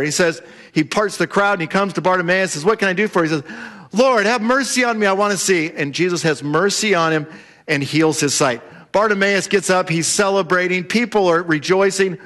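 High-pitched guy preaching in church, lively storytelling, does the voices. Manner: animated storytelling, acts out quoted voices. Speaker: pastor. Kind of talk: sermon.

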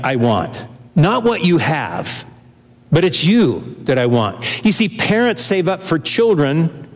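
An older man, a pastor, preaching a sermon in an earnest, conversational way, repeating phrases for emphasis. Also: fairly high pitch. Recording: long reverb of a large hall.

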